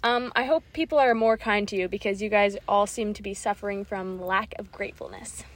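A young woman co-hosting a podcast, making goofy, deadpan one-liners in casual chat. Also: mid-range voice, brisk, background noise. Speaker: podcast co-host.

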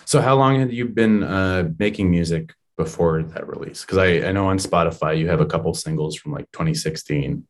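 A deep-voiced man conducts a casual interview. He asks his questions in an easy way and drops quick words of agreement while his guest talks. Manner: attentive, short affirmations.

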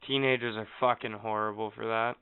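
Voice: medium pitch, steady tone, brisk, clear, resonant tone. A podcast co-host making blunt, crude remarks in casual chat. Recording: phone-like lo-fi audio.

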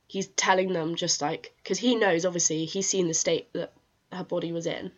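A woman's voice: fairly low pitch, steady tone, moderate pace. Chatty woman recounting a true-crime case. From England. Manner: chatty storyteller, reads case details with many fillers. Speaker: podcast co-host. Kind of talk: casual true-crime chat. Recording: dull lo-fi sound.

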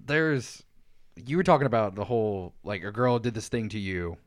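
A man co-hosting a podcast in casual chat, telling crude stories bluntly and dropping to a hushed voice for the details. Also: lowish voice, lively intonation, moderate pace. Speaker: podcast co-host.

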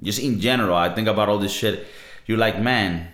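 Talking fast in a lowish voice with a fairly bright tone, this young host with a Latin American Spanish accent runs a casual podcast monologue. It's slangy, profane, and easygoing, recorded in a room with plenty of echo.

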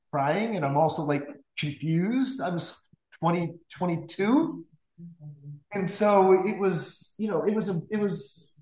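Animated storytelling man, roomy sound. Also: sits high. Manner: animated, acts out voices in quotes, stammering restarts. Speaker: guest music teacher. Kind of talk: casual storytelling. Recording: roomy echo.

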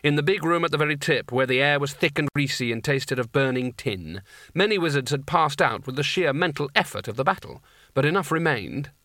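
A man narrating an audiobook in a dry, measured storytelling manner. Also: on the high side, expressive, fairly bright tone, no room sound. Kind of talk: scripted narration.

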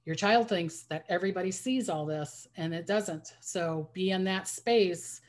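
A woman's voice: lowish voice, measured pace. A woman psychic medium telling stories in a casual interview, rambling with many restarts. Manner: rambling, restarts often, acts out quoted voices.

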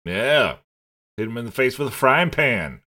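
A man's voice: mid-range voice, big pitch swings, a little slow, sharp tone. A man co-hosting a casual movie podcast, laughing often, cursing freely and acting out characters' lines as he recaps scenes. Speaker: podcast co-host.

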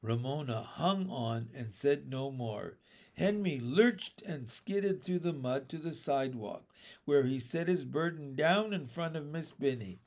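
A man narrating a children's book aloud in a measured, expressive storytelling manner. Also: fairly high pitch.

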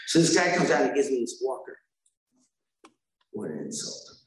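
A man's voice: medium pitch, animated, normal speed, pauses often, echoey room, low-quality recording. A man sharing his recovery story at a meeting, rambling and self-mocking, with asides to the listeners.

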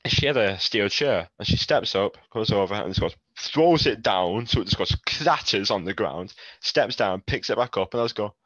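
A man's voice: lowish voice, expressive, normal speed, few pauses, a bit bright, no room sound, dull audio. A man hosting a casual wrestling chat, telling anecdotes and laughing often. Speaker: podcast host.

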